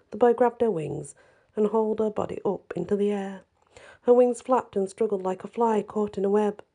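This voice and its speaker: A woman narrating a dark fairy tale in a measured, somber reading. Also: mid-range voice, husky. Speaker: storyteller.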